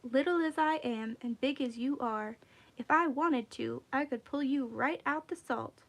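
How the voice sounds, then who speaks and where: A woman's voice: high-pitched, measured pace. A woman voicing a small, boastful male rabbit trickster who talks in a folksy, wheedling way. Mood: cocky. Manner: folksy dialect, wheedling and cocky.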